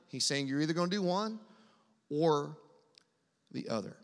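A man's voice: fairly high pitch, lively intonation, normal speed, long pauses, big-room sound. A man preaching a sermon, talking conversationally and emphatically and asking the congregation to answer back. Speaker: pastor.

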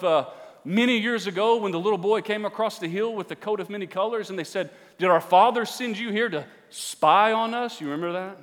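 Emphatic preacher. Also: male voice, high-pitched. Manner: emphatic, rising to near-shouting at key points. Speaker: pastor. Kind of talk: sermon. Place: church sanctuary with an audience. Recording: long hall reverb.

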